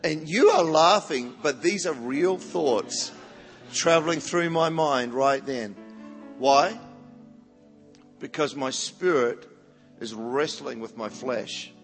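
His voice runs on the high side, slow but lively in intonation, as he preaches like an evangelist. The sermon is animated storytelling full of repeated words at restarts, captured in a reverberant hall with soft music in the background.

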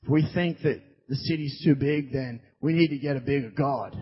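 A man preaching a sermon in a church hall, impassioned, swinging between loud declarations and hushed asides. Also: mid-range voice, normal speed, breathy edge. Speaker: pastor. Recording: dull recording in a long-reverb hall.

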